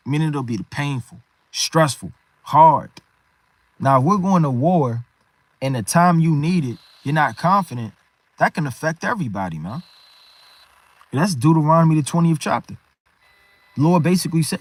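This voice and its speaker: A man's voice: on the high side, expressive, moderate pace, dry recording. A man preaching a sermon in an emphatic, repetitive way, often tagging his phrases with "man".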